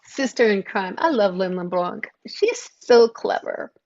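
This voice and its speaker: Bubbly and casual, this co-host from Oklahoma welcomes viewers by name during a true-crime livestream recorded in dull, lo-fi audio. She speaks at a measured pace in a medium-pitched, darkish voice with lively intonation.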